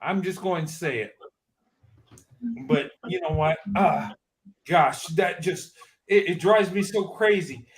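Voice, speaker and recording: Man in his fifties, high-pitched voice, impassioned testimony, emphatic and repetitive. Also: big pitch swings, slow pace, pauses often. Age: 50s. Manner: emotional, emphatic, repeats himself.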